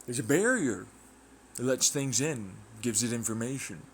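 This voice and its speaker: A man's voice: medium pitch, expressive, normal speed, slight background noise. A man from Arizona with an American accent, rambling casually in a monologue, repeating fillers and jumping between ideas. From Arizona, United States. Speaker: vlogger.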